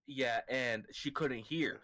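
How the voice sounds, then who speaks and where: Male co-host, mid-pitched, laughs through his stories, self-mocking. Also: slow, bright, forceful tone. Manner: giggly, self-deprecating. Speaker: podcast co-host. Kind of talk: casual chat.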